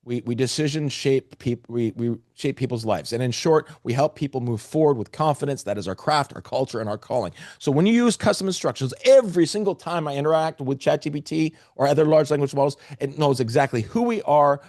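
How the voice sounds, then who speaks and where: A man's voice: fairly high pitch, darkish tone, dry recording, studio quality. A man presenting a live webinar, talking to the chat with energy and restarting phrases often.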